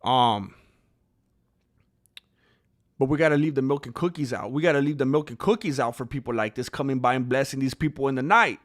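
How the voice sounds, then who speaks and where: A man's voice: medium pitch, brisk, pauses often. A man chatting casually on a live stream, reading out supporters' names and telling a rambling story with lots of restarts and laughs. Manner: animated, rambling, laughs a lot, many restarts.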